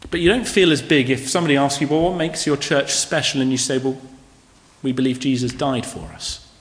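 A man's voice: mid-range voice, expressive, brisk. A man preaching a sermon to his congregation in a conversational way, asking rhetorical questions. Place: church hall. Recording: echoey hall with long reverb.

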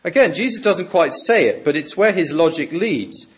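A man delivering a sermon in a measured, emphatic way. His pitch swings lively across a wide range, climbing on questions and sinking to a soft hush on the words he wants to land. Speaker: preacher.

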